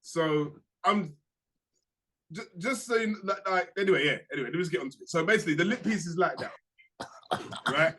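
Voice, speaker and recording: A young man, co-hosting a podcast and telling a school story in a casual, slangy, animated way. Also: a little high, fairly quick, pauses often. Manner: animated, acts out quoted voices, slangy. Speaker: podcast co-host.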